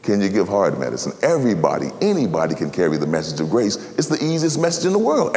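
A man preaching a sermon as a pastor, emphatic, swinging between loud high pleas and low quiet asides. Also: huge pitch swings, fast talker, few pauses. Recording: long reverb of a hall.

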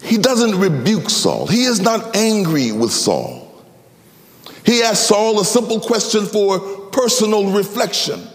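A man preaching a sermon dramatically, slowing for emphasis and rising into sing-song phrases. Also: very animated, big-room sound. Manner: dramatic, swinging between slow low emphasis and high, sing-song rises.

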